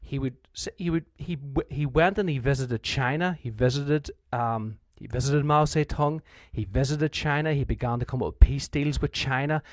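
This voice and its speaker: A man's voice: mid-range voice, normal speed, few pauses, no echo. A man with a Northern Irish accent, a history teacher giving a conversational revision lecture who often restarts his sentences and acts out quotes.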